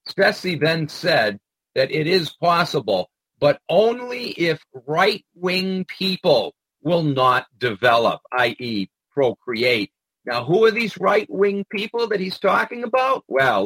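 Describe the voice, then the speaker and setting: A man's voice: fairly high pitch, bright, forceful tone, breathy edge, dry recording, rough recording. A man hosting a commentary show, delivering an indignant, profane ranting monologue full of "uh" fillers.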